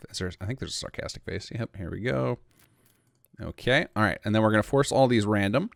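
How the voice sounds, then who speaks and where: Male tutorial host, low and gravelly, dry close mic, relaxed walk-through with keyboard typing behind. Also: a little fast, no room sound. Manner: casual, thinks aloud while clicking, self-correcting. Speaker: modding tutorial instructor. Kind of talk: screen-recorded software tutorial.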